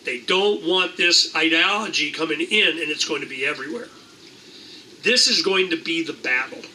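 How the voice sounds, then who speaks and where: A middle-aged man holds forth to a meeting in a loose, rambling way, tossing in casual swearing. His voice sits high and very bright. He is heard from a distance, with faint room noise behind him. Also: animated, moderate pace. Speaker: host of a liberty meeting. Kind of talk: animated casual talk to a room.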